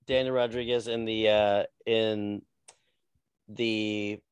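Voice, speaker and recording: Casual man co-hosting, halting. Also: fairly low pitch, level tone, clean tone, no room sound, dull audio. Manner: profane, halting, restarts often. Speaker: podcast co-host. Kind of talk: casual chat about fights.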